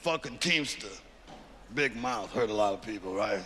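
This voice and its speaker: A man's voice: fairly low pitch, animated, normal speed, pushed and bright, slight background noise, voice pushed down. A male comedian playing a boastful, cursing Italian-American mobster in a live stand-up bit. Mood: bragging. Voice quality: gravelly, cursing constantly. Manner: punctuates lines with "huh?" and barking laughs.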